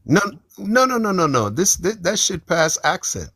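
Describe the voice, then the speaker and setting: A man's voice: sits high, sing-song, moderate pace, a bit bright, husky, dry recording. A man in a live stream debate, lecturing and emphatic, brushing off questions. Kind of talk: casual debate.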